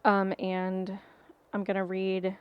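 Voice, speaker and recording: A woman's voice: mid-range voice, completely flat delivery, slow, smooth, dull audio. A woman co-hosting a podcast, chatting casually with many hesitant ums. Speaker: podcast co-host. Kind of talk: casual chat.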